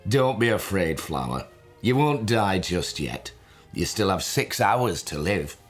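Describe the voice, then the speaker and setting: A man with a deep voice voicing a mocking young male soldier with a sharp, cutting tongue who taunts his prisoner. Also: expressive, measured pace, breathy edge, faint music behind, full character voice. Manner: taunting, sneering.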